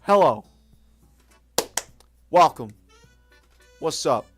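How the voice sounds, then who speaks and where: A man's voice: on the high side, very animated, extremely slow, faint music behind. A young man streaming late at night, chatting casually with viewers in a rambling, self-mocking way, swearing now and then.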